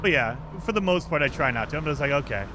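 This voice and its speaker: A man's voice: a little high, animated, quick pace, noisy background. A man streaming a game, chatting casually and rambling through a rant while reading his chat. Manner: rambling, ranting, reads chat aloud.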